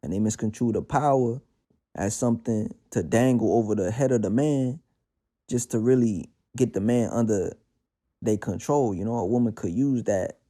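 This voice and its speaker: A Bronx man with a New York accent hosts a podcast from home, his cat nearby, offering a casual spiritual monologue at normal speed. His voice is fairly low and mellow, and his reflective, streetwise talk is slangy and riddled with fillers.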